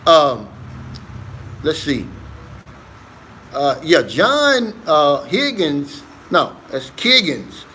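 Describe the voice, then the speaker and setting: A man with a slightly higher voice hosts a laid-back livestream on his phone. He reads viewer comments and answers them earnestly, tossing in a friendly "man" every few words. A faint hiss sits behind him. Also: big pitch swings, very slow, long pauses, bright, forceful tone. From United States. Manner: easygoing, earnest, keeps saying "man". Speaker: livestream host. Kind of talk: casual live chat, reading viewer comments.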